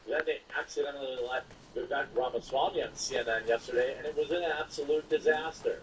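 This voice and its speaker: A man's voice: medium pitch, fast talker, hardly any pauses, recorded from a distance, very noisy. A man giving opinionated political commentary to his viewers, with asides asking them to follow and sign up.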